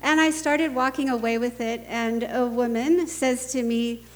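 A middle-aged woman speaking at a conference, telling anecdotes and jokes in an animated way and laughing often. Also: a little high, unhurried, in a large hall. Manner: animated storytelling, laughs often, acts out quoted voices.

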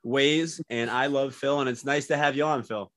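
A man's voice: mid-range voice, steady tone, normal speed, fairly bright tone. A man co-hosting a casual podcast, a bartender who laughs easily and talks playfully.

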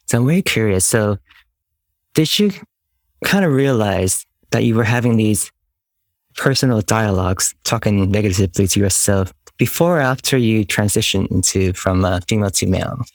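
A male podcast host with a fairly low voice listens attentively and asks curious follow-up questions. He affirms his guest warmly in words. The recording is dry with little room sound. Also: moderate pace, no room sound. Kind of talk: interview questions.

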